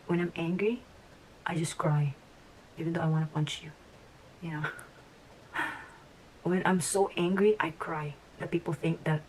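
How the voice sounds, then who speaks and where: A woman's voice: low voice, a little mellow, a little hiss or hum, low-quality recording. A woman vlogger talking casually to camera about her life, reflective and rambling, sometimes dropping to a whisper. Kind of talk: casual vlog talk to camera.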